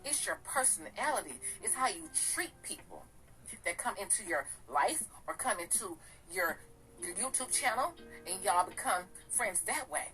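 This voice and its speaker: Brief: female gossip host, bright, a little raspy, sassy and profane, faint music behind. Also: mid-range voice, expressive, normal speed, rough recording. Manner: sassy, blunt, profane ranting. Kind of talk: casual commentary.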